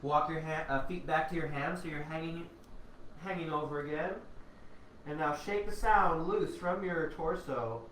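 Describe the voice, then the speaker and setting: A man leading a guided voice warmup as a voice teacher, coaching calmly and without hurry. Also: fairly high pitch, slight background noise. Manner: calm, unhurried coaching with spoken exercise sounds. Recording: echoey room, voice from a distance.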